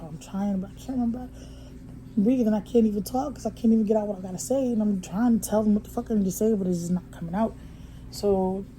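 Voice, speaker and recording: A woman talking straight to camera in a casual vlog. Her voice is very dark and mellow. She is blunt and swears a lot, dropping to a hush and then rising to heat, over a faint hiss of background noise. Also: fairly low pitch, low-quality recording. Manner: blunt and profane, swings from hushed to heated. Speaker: vlogger. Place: motel room.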